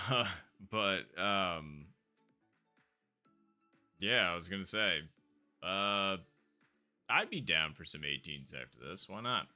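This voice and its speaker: A man's voice: deep voice, lively intonation, slow, pauses often, sharp tone, faint music behind. A man streaming live, chatting casually and rambling with fillers while he plays a game. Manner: rambling, chatty, with frequent fillers and self-asides.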